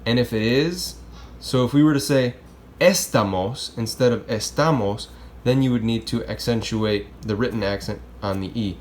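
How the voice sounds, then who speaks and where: A man with a mid-range voice explains grammar like a relaxed classroom teacher. He talks in a loose, conversational way and keeps checking in with "okay?" and "right?". A faint hiss of noise sits under the recording. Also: mid-range voice, brisk. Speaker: Spanish teacher.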